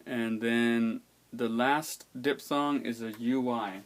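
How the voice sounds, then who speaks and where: Man, language teacher; slow and patient, sounds things out one by one. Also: mid-range voice, steady tone. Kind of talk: explaining an alphabet's pronunciation.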